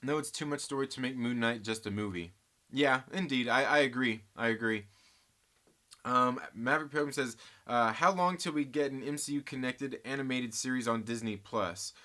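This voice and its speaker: A man with a mid-range voice hosts a casual live movie chat stream at a moderate pace. He reads viewer comments aloud and thinks out loud, often restarting his sentences.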